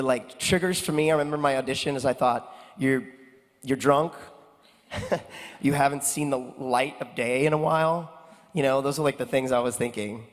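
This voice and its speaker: A man telling a story on a convention panel, rambling with many fillers and restarts. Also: mid-range voice. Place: convention hall. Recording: long hall reverb.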